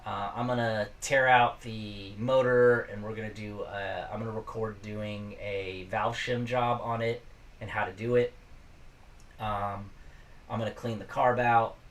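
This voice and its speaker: A man's voice: on the low side, little pitch movement, a little slow, recorded from a distance. A man casually hosting a live stream, rambling and chatting with viewers from his garage workshop.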